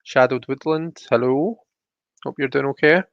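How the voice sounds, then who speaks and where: Male stream host, gravelly, chatty, dull dry home-mic sound. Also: medium pitch, fairly even intonation, moderate pace, no room sound. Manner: chatty, greets viewers by name, reads chat aloud. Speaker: livestream host. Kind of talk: casual live-stream chat.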